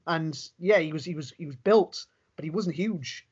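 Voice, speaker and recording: Here a young man from Wales, a professional wrestler appearing as an interview guest, speaks fast at a fairly high pitch. The chat is casual, and his storytelling is enthusiastic and full of restarts, captured on a dull lo-fi recording.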